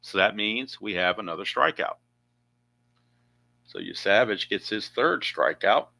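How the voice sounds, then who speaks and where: A man with a lowish, bright and forceful voice calls his tabletop baseball game play by play. He thinks aloud as he goes, chatty and prone to wandering into asides. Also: animated, a little slow, gravelly, no echo. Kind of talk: play-by-play narration of a dice game.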